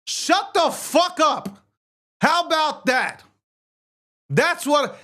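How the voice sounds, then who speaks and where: A man's voice: very high voice, expressive, drawn-out words, pauses often, pushed and bright. A man hosting a show, ranting in heated, profane, sarcastic commentary. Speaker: show host.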